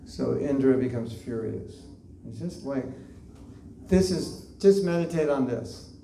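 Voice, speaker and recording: A man with a slow, gravelly, mellow voice gives a devotional lecture to a live group. He keeps it conversational, asking the room questions and using plenty of fillers. He sounds a bit far from the mic in an echoey hall with faint noise behind him. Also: medium pitch, animated. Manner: conversational, asks the listeners questions, many "like"s. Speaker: visiting lecturer at a temple class. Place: temple hall.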